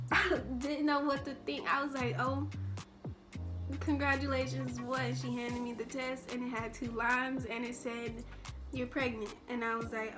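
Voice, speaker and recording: A young woman telling a personal story in a casual storytime vlog, rambling and full of restarts. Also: high-pitched. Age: young adult. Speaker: vlogger.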